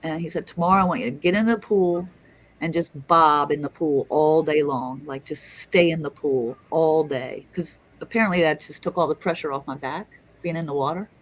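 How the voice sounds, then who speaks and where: A middle-aged woman telling a story in casual chat, lively and swearing, acting out the people she quotes. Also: deep voice, normal speed, low-quality recording. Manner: animated, swearing, acts out quotes. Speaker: guest storyteller.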